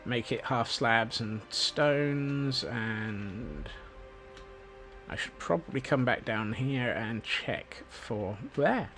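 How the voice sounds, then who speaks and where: A Scottish man with a mid-range, somewhat bright voice casually comments on a game he's streaming. He rambles and pokes fun at himself while faint music plays in the background.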